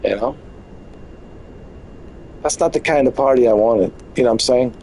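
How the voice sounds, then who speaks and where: A man streams a flight game from his bedroom, chatting casually at a middling pitch. He jokes constantly, grumbling in overblown mock complaint. A faint hiss sits behind him. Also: normal speed, dark tone, rough recording. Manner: joking, exaggerated mock complaints with laughs. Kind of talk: casual live gameplay commentary. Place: bedroom at home.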